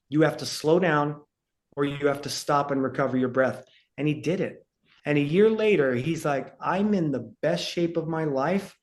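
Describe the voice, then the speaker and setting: A man's voice: on the high side, a little mellow. A man talking as a breathing instructor on a podcast, explaining energetically in casual chat and checking in with "right?".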